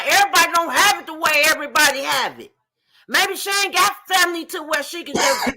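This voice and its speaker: A woman with a high, ringing voice makes her case in a heated live stream debate. She talks with emphatic passion, sprinkled with profanity, pressing her point over and over. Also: bright, forceful tone.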